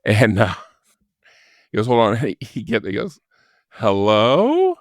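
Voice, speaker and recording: A man's voice: fairly low pitch, normal speed, no echo, studio quality. An older man, a podcast guest, casually telling an anecdote and acting out the voices of the people in it. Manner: lively storyteller who acts out quoted voices. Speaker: podcast guest, former record store manager.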